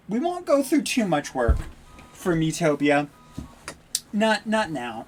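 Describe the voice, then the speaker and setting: Wry woman streamer, lively voice. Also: low voice, a little slow, soft background music. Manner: wry, sarcastic asides. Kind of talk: casual game commentary.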